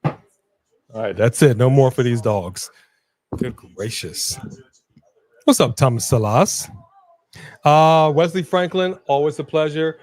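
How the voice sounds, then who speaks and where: A man's voice: medium pitch, takes it slowly, long pauses, a little mellow, no room sound. A man co-hosting a casual live watch-along stream, upbeat, greeting viewers by name and hyping the chat. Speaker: livestream co-host. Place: Los Angeles.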